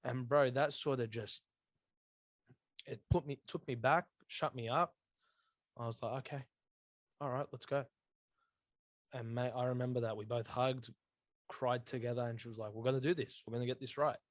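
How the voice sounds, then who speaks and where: Casting: male co-host, mid-pitched, earnest, slangy, close dry mic. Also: steady tone, moderate pace, pauses often, dry recording. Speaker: podcast co-host. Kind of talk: casual faith chat.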